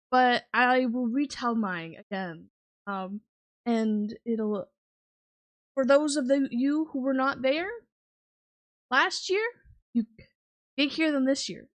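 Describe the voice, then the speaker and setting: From her home setup, a woman livestream host chats casually with her viewers. Her voice sits slightly high, and she rambles along, giggly and full of ums and other fillers.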